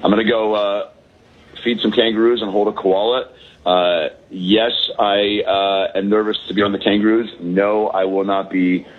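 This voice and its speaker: Rambling comedian on a muffled phone line. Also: male voice, fairly low pitch, flat delivery, moderate pace. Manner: rambling, self-deprecating, full of fillers. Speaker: comedian guest calling in. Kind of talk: casual chat. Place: hotel balcony.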